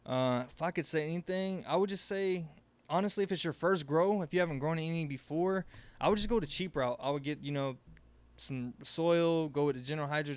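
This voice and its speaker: Chill guy rambling on a live q&a stream, smooth clear voice, swears a lot. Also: a little high, no room sound. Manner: laid-back, rambling, swears freely, laughs often. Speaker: livestream host. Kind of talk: casual live Q&A chat.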